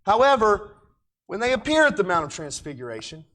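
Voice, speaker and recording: Very animated, this high-voiced male Bible teacher swings between loud, ringing pronouncements and hushed, almost murmured asides. He drags out key words and slows dramatically to press his points, speaking with real emphasis.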